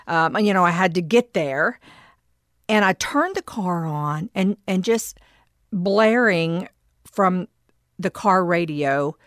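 Middle-aged woman, low voice, halting testimony; dry and close. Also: no room sound. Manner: reflective and halting, with frequent pauses and restarts. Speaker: storyteller. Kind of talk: personal testimony.

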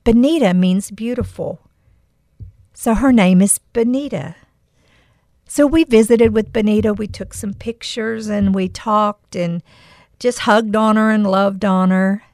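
A woman's voice: mid-range voice, measured pace, darkish tone, dry recording, clean studio sound. A middle-aged woman hosting a podcast, telling a personal story with earnest emotion and reflecting on Bible verses. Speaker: podcast host.

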